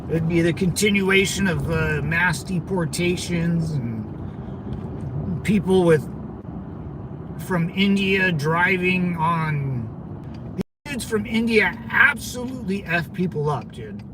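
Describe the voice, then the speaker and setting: A man in his thirties talks in a rambling, profane livestream chat, full of fillers and side tracks. His voice sits high for a man. Loud traffic and road noise from outdoors run behind him the whole time. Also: expressive, slow pace. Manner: loose, profane, digressive talk with frequent fillers. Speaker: channel host, Marine veteran.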